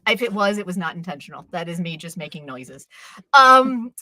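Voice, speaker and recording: Lively, bright-voiced woman gushing. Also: on the low side, no echo. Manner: animated, gushing, quick asides. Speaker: co-host. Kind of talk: casual chat about dramas.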